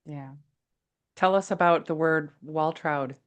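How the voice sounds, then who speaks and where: A woman's voice: low-pitched, takes it slowly, clear, resonant tone, highs cut off. A woman hosting an interview, asking questions and encouraging her guest. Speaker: interview host. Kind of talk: casual interview chat.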